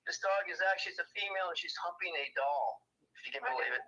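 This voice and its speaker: Man, high voice, very bright tone, argumentative political chat. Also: fast, highs cut off, slight background noise. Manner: argumentative, acts out quoted exchanges.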